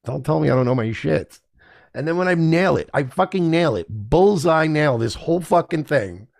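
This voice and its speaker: In a casual, indignant rant to camera, a male podcast host swears freely and mocks others with put-on voices. His voice is a little high, expressive and gravelly with a darkish tone, at normal speed. The recording is studio quality with no echo.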